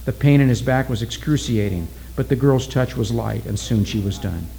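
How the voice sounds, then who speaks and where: A man narrating a story as an audiobook in a measured, steady way. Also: mid-range voice, creaky, poor audio.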